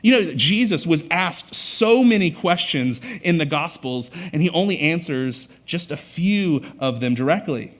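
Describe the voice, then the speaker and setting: Animated preaching man, slightly high voice. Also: measured pace, hardly any pauses. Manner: animated storytelling, acts out voices with bursts of loud emphasis. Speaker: pastor. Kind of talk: sermon. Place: church sanctuary.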